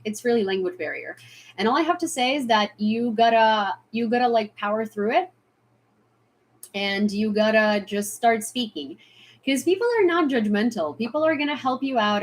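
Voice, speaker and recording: A woman from Ukraine, speaking with an American accent, chatting casually on a live stream with lots of fillers, restarts and sudden excited bursts. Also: a little high. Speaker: vlogger answering chat.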